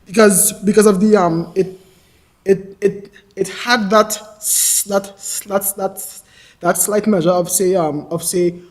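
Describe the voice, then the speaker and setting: A man with a stammer in a casual discussion, halting and repeating words, laughing at himself. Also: sits high, steady tone.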